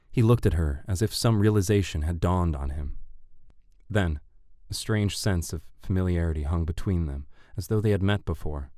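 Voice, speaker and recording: Man, deep low voice, measured dramatic audiobook narration, dry close sound. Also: dark tone, no echo.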